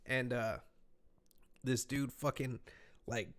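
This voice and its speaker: A man's voice: mid-range voice, fairly even intonation, takes it slowly, fairly bright tone. A man chatting casually on a podcast, telling laid-back stories and swearing freely. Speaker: podcast host. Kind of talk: casual chat.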